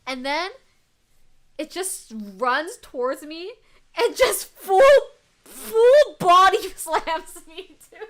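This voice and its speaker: A young woman streaming a game, chatting casually with her viewers, bubbly and excitable, laughing often and squealing over dogs. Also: very high voice, slow pace. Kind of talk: casual gaming stream chat.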